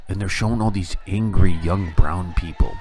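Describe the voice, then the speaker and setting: A man hosting a talk show, giving opinionated political commentary in an animated, sarcastic and incredulous way. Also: sits low, moderate pace, music in the background. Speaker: podcast host.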